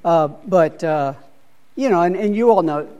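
A man's voice: high-pitched, a little slow, a little mellow, smooth, dull audio. A middle-aged man leading a Bible study group, talking through ideas with many restarts and repeated words. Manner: hesitant, repeats words, thinks aloud.

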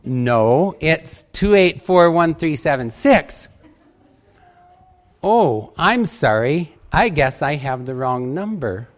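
A man's voice: fairly high pitch, big pitch swings, slow. A man reading as a frazzled weepy young housewife. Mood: upset. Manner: tearful complaining.

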